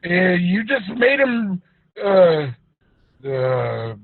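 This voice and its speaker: A man doing a loud, smug, blaming dad. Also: sits high, big pitch swings, very slow, dry recording, phone-quality sound, full character voice. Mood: sarcastic. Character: mocking father, blaming and smug.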